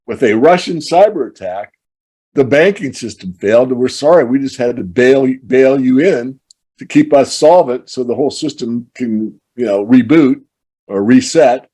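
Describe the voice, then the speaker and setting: A man with a mid-range voice who talks his way carefully through market ideas in a relaxed podcast chat. He strings long thoughts together and pauses on fillers. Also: medium pitch, breathy edge. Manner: measured, explains in long run-on thoughts. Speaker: show host. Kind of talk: casual podcast conversation.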